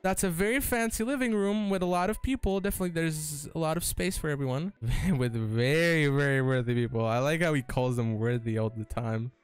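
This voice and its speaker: Excitable male let's-player, nervous and giggly, slightly high voice, faint music behind. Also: brisk, smooth, dry recording. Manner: excitable, nervous laughter, stammering restarts. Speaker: gaming YouTuber. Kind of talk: let's-play commentary.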